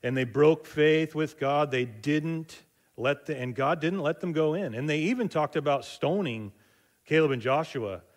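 A man teaching a Bible study in a relaxed, conversational way, retelling passages with asides and small fillers. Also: fairly high pitch, a little slow.

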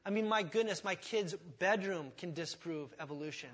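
High-voiced man preaching a casual sermon. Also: normal speed, crowd noise. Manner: conversational preaching with asides and rhetorical questions; humorous, self-deprecating. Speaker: pastor.

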